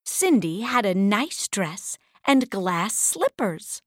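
A woman reading a children's fairy tale aloud, clearly and deliberately. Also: fairly high pitch, big pitch swings, no echo, clean studio sound. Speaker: storybook reader. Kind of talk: slow read-aloud storybook narration.

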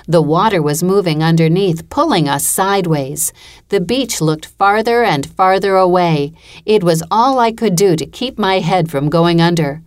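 A woman reads a first-person story aloud in a measured, even storytelling manner, as an audiobook narrator. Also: on the low side.

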